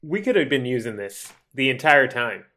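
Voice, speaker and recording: A man with a mid-pitched voice chatting on a podcast. He sounds relaxed and makes wry remarks. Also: moderate pace. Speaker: podcast co-host. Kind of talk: casual chat.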